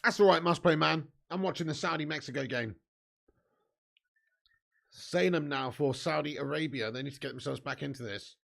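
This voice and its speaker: A young man hosting a live football watch-along, joking and swearing, breaking into shouts when chances come. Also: on the high side, moderate pace, gravelly. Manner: banter-filled, swearing, jokey, bursts into shouts at chances.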